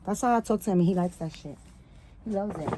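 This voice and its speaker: A woman hosting a doll vlog in casual chat, loose, profane and rambling with many fillers, cooing softly at her dolls. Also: mid-range voice, fairly quick, slight background noise. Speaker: doll channel host.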